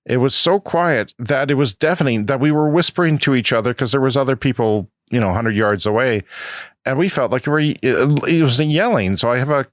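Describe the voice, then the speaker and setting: An older man, co-hosting a podcast and telling a rambling, animated story with chuckles. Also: medium pitch, fairly quick, dry recording, studio quality. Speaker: podcast co-host. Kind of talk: casual chat.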